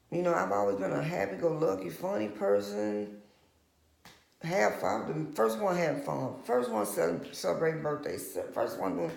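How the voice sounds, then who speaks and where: Older woman, gravelly voice, lively and a bit high, rambling testimony, echoey room. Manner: rambling, candid storytelling with quoted dialogue. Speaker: vlogger giving a testimony. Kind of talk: personal testimony, casual talk. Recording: roomy echo.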